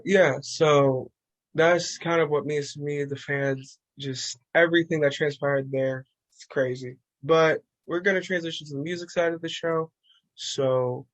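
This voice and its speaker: Animated man, higher voice. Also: rough recording. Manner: animated, acts out quotes in a raised voice. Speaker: podcast co-host. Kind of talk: casual chat.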